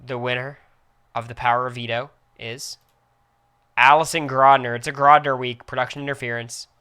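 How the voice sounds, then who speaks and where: A man's voice: medium pitch, clear, resonant tone. A young man giving casual, reactive play-by-play commentary on a live stream. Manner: quick, reactive play-by-play with excited outbursts.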